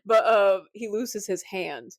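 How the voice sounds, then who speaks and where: A woman co-hosting a podcast chats casually as an animated storyteller, laughing often and acting out quotes. Her voice is medium-pitched and slow-paced, recorded dry with no echo on a cheap desk mic.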